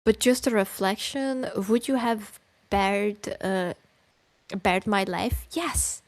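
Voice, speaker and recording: A woman's voice: medium pitch, slow, no room sound. Exasperated, swearing woman podcaster. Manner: exasperated, profane, loud bursts, with sighs. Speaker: podcast co-host. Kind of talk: heated podcast rant reacting to a document. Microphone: desk microphone close to the mouth.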